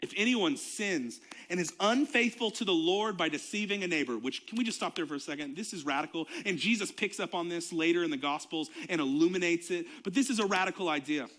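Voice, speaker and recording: A man's voice: high-pitched, fairly quick, few pauses, fairly bright tone. A young adult man, preaching a sermon to his congregation in a conversational way, with fillers and asides. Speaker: pastor.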